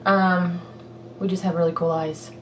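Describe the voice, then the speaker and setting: This young fitness vlogger rambles through viewer questions, chatty and giggly, with plenty of fillers. Her lowish voice is flat and a little slow, and the echoey room and far-off mic add a slight hiss or hum.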